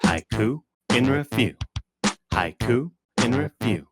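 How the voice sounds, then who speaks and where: A man's voice: mid-range voice, slow, loud music behind the voice. A man on a podcast, joining banter and singing short jingles. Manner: lively, sings short jingles. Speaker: podcast co-host.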